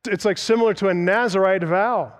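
A pastor preaches an expository sermon in a reverberant church hall, his smooth voice pitched a little high for a man. He speaks emphatically, stopping to explain key terms and quote older sources.

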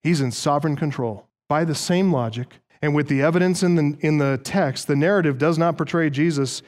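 A man's voice: on the high side, brisk. A man preaching an expository sermon, earnest and emphatic, with occasional dry asides to the congregation. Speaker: pastor.

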